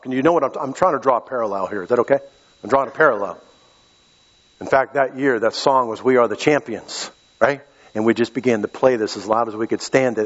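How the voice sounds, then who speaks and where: Recorded in an echoey sanctuary with dull, lo-fi sound, a western Pennsylvania pastor in middle age preaches with passion and returns again and again to key phrases. His voice is medium in pitch, with a breathy edge.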